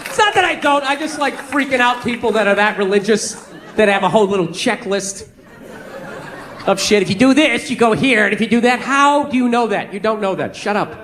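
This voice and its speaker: A man's voice: high voice, lively intonation, fairly quick, a bit bright, a little hiss or hum. A man in his forties doing a stand-up comedy routine on stage, ranting and swearing with exasperation. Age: 40s. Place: comedy stage before a live audience. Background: faint audience laughter.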